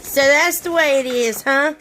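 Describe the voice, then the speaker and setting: A woman's voice: sits high, unhurried. A woman talking to her pet birds at home. She switches between coaxing baby talk and scolding. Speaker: pet owner vlogger. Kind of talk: casual home video. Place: at home with ceiling fan running. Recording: loud fan noise at home.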